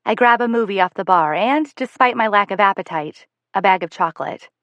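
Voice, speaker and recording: A woman narrates a first-person audiobook in a steady, measured voice. Her pitch sits in the middle, and the recording is dry with no room sound. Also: no echo, muffled recording.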